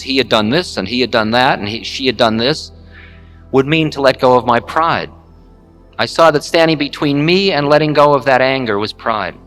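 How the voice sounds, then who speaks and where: A man, a spiritual teacher, telling a story in a candid, wry, animated way. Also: mid-range voice. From United States. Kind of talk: storytelling talk.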